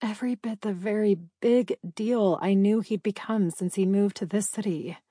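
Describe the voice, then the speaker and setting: A young woman reading a first-person romance audiobook, expressive and breathless in the character's inner thoughts. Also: medium pitch, moderate pace, no echo, studio quality. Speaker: audiobook narrator.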